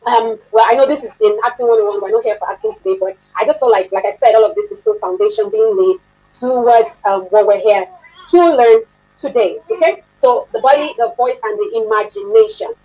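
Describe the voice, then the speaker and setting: A woman's voice: medium pitch, fairly quick, dark tone, poor audio. A woman instructor giving a chatty online workshop lecture, often laughing and asking the class questions.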